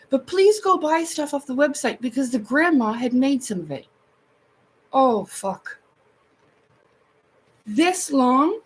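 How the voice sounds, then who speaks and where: A woman hosts a casual livestream, painting as she chats; she rambles, swears, and sounds exasperated, upset and near tears. Her high-pitched, husky voice is very animated but unhurried, and the recording quality is low.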